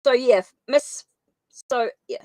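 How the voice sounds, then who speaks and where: Slow and mellow, this fairly high female voice comes from a tarot streamer casually apologizing and thinking out loud as she types her viewers' names. She mentions her funny accent. The recording is rough but echo-free.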